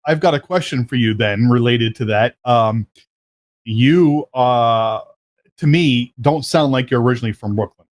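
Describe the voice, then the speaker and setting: A man's voice: medium pitch, moderate pace. A man hosting a live talk show, who chats casually, jokes and laughs often, and talks in loose restarts. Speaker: host. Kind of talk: casual chat. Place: South Florida.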